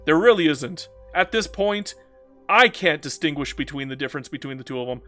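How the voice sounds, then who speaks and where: A man from Canada, a strategy game streamer, chatting casually as he reads viewer comments and answers them in a blunt, rambling way that swings between animated and subdued. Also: fairly high pitch, fairly quick, soft background music.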